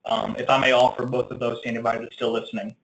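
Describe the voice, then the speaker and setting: A man with a Southern American accent talks through a webinar answer at a middling pitch. He explains patiently, with ums and small restarts, and his voice rings in a roomy, echoey space. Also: little pitch movement, rapid-fire, creaky, a bit bright, lo-fi sound, a little hiss or hum. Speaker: tourism marketing presenter.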